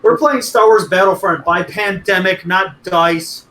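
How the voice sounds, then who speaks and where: A man's voice: high-pitched, measured pace, pushed and bright, echoey room, a little hiss or hum, rough recording. A man co-hosting a podcast, telling rambling, profane stories in casual chat. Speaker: podcast co-host.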